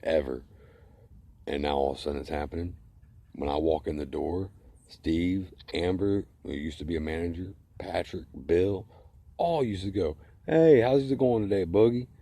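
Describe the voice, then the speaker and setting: A man's voice: very deep voice, vocal fry, dark tone, slightly rough. A middle-aged man ranting to camera in a blunt, heated, profane way. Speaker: vlogger. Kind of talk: angry casual rant to camera.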